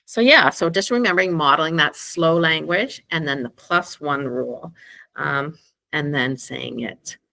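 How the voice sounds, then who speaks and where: A woman with a bright, forceful voice pitched a little low gives an informal talk to parents. She chats loosely, with plenty of fillers. She stretches out simple example phrases slowly and with emphasis, as if speaking to a toddler. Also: gravelly. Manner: casual and chatty, full of fillers like "um" and "kind of"; acts out slow, emphatic child-directed examples. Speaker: school speech-language educator. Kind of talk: informal teaching presentation for parents.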